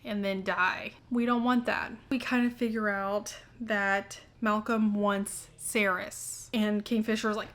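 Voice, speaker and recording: A woman's voice: medium pitch, little pitch movement, slow pace, few pauses, fairly bright tone. A young adult woman casually summarizing a book in a vlog, chatty and full of "like". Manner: chatty, heavy use of "like". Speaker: book vlogger.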